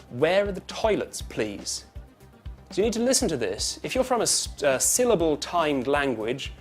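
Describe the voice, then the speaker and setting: A man, an actor and voice coach giving clear, demonstrative coaching tips and modelling the sounds aloud. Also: a little high. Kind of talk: accent coaching tips to camera.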